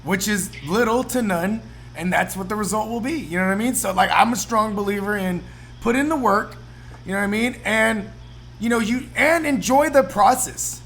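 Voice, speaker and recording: A Bay man hosts a casual podcast. His voice is high and bright, and he rambles and swears easily. Faint background noise sits under the recording. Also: normal speed, creaky. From San Francisco Bay Area. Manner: rambling, constant "you know what I mean", swears freely. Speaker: podcast host. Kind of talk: casual chat.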